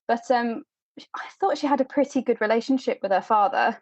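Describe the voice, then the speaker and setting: A woman hosting a podcast in casual chat, laughing often and slipping into quick voices for characters. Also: fairly high pitch, no echo, muffled recording. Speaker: podcast host.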